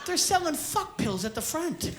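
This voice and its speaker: A man, a stand-up comedian telling a story loudly and profanely on stage. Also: extremely high pitch, sing-song, moderate pace, a crowd in the background. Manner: loud, profane, often yelling. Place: theater stage before a live audience. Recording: live show with audience laughter.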